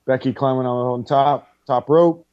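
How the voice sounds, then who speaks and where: A man excitedly calling a wrestling match move by move as he watches it with friends, swearing freely and reacting loudly to each big moment. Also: medium pitch, a little slow, smooth, no echo, highs cut off. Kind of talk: casual live watch-along commentary.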